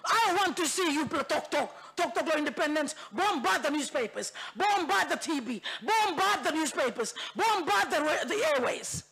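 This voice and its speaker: A woman's voice: high voice, expressive, moderate pace, hardly any pauses, fairly bright tone. A woman with a Papua New Guinean accent, a member of parliament, gives a fiery, repetitive, rallying speech in the parliament chamber. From Bougainville, Papua New Guinea.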